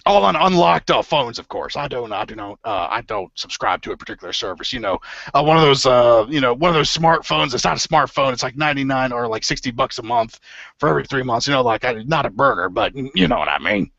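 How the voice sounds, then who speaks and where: Man impersonating a gravelly blustering conspiracy host. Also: mid-range voice, lively intonation, fast talker, a bit bright, no echo. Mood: rambling. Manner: rambling, stammering, self-correcting rants. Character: blustering middle-aged male conspiracy radio host. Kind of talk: improvised comedy impression. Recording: dull lo-fi stream audio.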